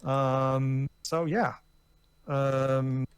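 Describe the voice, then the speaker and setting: A man in his thirties talks through his take on a show, looping back with fillers and restarts. His voice is mid-pitched and sits dry and close on the mic. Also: fairly even intonation, very slow, clear, resonant tone, no echo. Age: 30s. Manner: rambling, many fillers and restarts. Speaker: podcast co-host. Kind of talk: casual review commentary.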